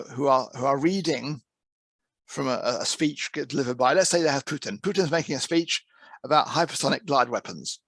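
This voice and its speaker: A man's voice: on the high side, a bit bright, dry recording. A man who heads an interpreting course, giving a discursive online presentation to a practice group, often restarting and repeating words. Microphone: video call.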